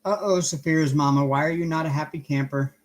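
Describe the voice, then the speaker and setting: A man with a fast, steady delivery and a voice on the high side hosts a casual livestream from home. While crafting, he cheerfully greets viewers one at a time by name.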